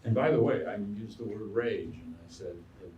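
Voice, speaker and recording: A man, a historian and biographer, answering audience questions in an animated, storytelling way and acting out quotes. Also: lowish voice, brisk, muffled recording, a little hiss or hum. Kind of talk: lecture Q&A answer. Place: lecture hall. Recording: echoey room, mic far off.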